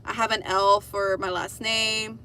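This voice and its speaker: A young woman hosting a casual livestream, telling animated, profane stories and laughing at her own jokes. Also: medium pitch, a little slow, a little hiss or hum. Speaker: livestream host.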